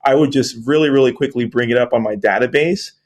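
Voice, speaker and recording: A man with a mid-pitched voice talks in a casual group audio chat. He explains things steadily in a sales tone and shares tips from his work as an apartment locator. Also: fast.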